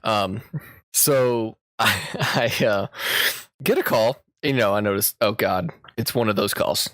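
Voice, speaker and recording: A young man co-hosting a casual podcast, telling an animated story. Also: fairly low pitch, takes it slowly, no room sound, studio quality. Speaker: podcast co-host. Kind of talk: casual chat.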